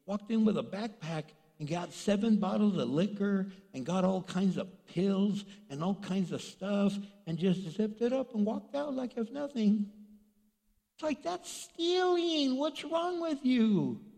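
A man's voice: high-pitched, moderate pace, gravelly, few pauses, warm tone. A man preaching a sermon as pastor, telling stories animatedly and acting out the voices of the people in them. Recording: long reverb of a large hall.

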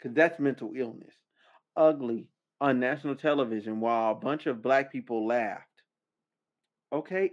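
Man, podcast host, exasperated rant, repeats himself for emphasis, middle pitch, muffled lo-fi sound. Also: expressive, moderate pace. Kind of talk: casual commentary rant. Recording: slightly muffled, lo-fi audio.

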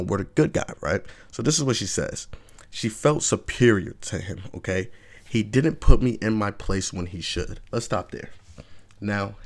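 A man's voice: low-pitched, vocal fry, fairly bright tone. A man hosting his own vlog, giving casual opinion commentary in an emphatic, rambling way with frequent rhetorical check-ins. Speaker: vlog host.

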